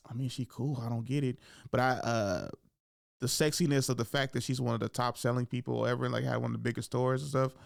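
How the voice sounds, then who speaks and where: A man's voice: mid-range voice, vocal fry, dry recording, clean studio sound. A young man hosting a podcast in casual comedic chat, swearing freely and acting out voices. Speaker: podcast host.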